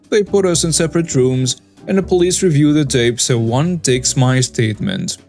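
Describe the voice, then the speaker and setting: A man narrating first-person stories as the host of a story channel, reading in a steady scripted way. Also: mid-range voice.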